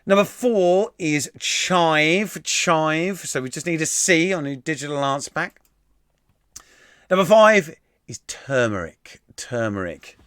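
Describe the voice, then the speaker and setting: A man's voice: fairly high pitch, expressive, slow pace, a bit bright, clean tone, no room sound, studio quality. A young man hosting a quiz live stream from home into a desk microphone, reading out the answers in a chatty, irreverent way with casual swearing, many fillers and restarts. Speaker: quiz host. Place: at home, room near a kitchen.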